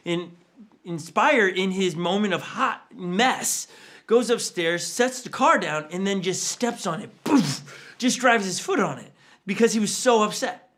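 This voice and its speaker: A man in his forties preaches an online sermon in a loose, conversational way. His voice sits high and sounds bright and forward. He acts out the people in his stories with sudden leaps in pitch. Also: lively intonation, a little slow. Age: 40s. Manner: storytelling, acts out family quotes with big pitch jumps. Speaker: pastor. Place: church livestream.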